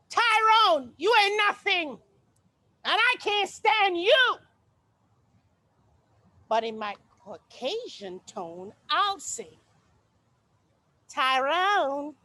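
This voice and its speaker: A woman's voice: high-pitched, exaggerated voice. A woman playing a sassy, outspoken woman. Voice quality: expressive, mocking tone shifts. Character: sassy, outspoken grown woman airing grievances. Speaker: stage actor performing a monologue. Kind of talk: theatrical monologue.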